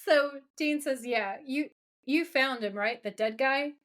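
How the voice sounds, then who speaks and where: A woman's voice: high voice, unhurried. A woman co-hosting a podcast, casually recapping a TV episode and acting out its dialogue. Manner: animated, retells scenes in quoted dialogue. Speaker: podcast co-host.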